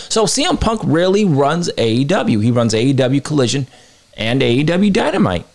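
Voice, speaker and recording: A man hosting a wrestling podcast, delivering a heated, profane opinion rant that swings between low mutters and high outbursts. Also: very animated, normal speed. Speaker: podcast host.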